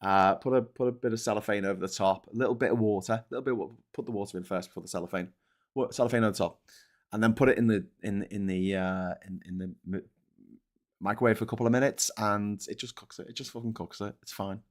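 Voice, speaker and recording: A man's voice: on the low side, fast talker. A man hosting a live stream, talking in a casual, sweary, rambling way that keeps drifting off topic. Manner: sweary, rambling, easily sidetracked; excitable when thanking viewers. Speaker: livestream host.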